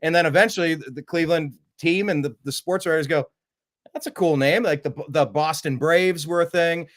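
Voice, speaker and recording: A man hosting a casual sports chat, animated and quick to mimic other voices in his stories. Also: on the high side. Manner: animated, jumps into mocking voices. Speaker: host.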